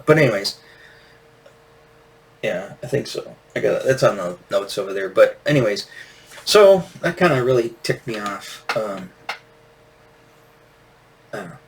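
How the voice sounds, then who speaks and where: A man hosting his own vinyl channel, rambling in casual vlog talk, ranting and swearing, with many fillers and restarts. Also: on the low side.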